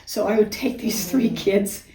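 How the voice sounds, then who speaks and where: A woman's voice: medium pitch, fairly even intonation, unhurried, mellow. An older actress and singer, chatting and reminiscing about stage life as an interview guest, laughing often through her anecdotes. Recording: roomy, distant mic.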